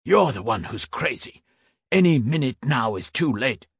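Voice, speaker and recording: A man's voice: mid-range voice, big pitch swings, normal speed, slightly rough, no echo, studio quality, voice pushed up, exaggerated voice. A man doing a blunt hardened veteran soldier. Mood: scornful. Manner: blunt, urgent, insistent. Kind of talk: audiobook narration.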